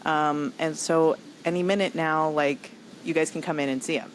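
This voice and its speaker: A woman comedian telling a personal story in a podcast interview, animated and acting out other people's lines as she goes. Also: low-pitched, moderate pace, slight background noise, low-quality recording. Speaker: comedian guest.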